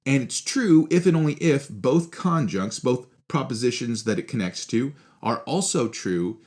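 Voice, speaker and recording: A man teaching a philosophy course on formal logic in a relaxed, conversational way, often checking in with "right?" and slowing down to spell out symbols. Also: medium pitch. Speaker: philosophy instructor. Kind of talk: casual recorded logic lecture.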